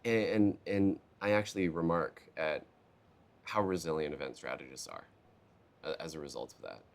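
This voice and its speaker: With an extremely low pitch, vocal fry and a moderate pace, a man gives a conversational interview at a live event booth. The keynote speaker is an animated storyteller who acts out quotes in a raised voice.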